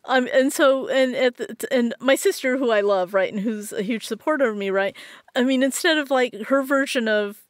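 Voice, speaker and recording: A woman guest on a podcast interview, telling a personal story in an animated way and acting out what others said. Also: a little high, moderate pace, no echo, studio quality. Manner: animated, acts out quotes in a lively way.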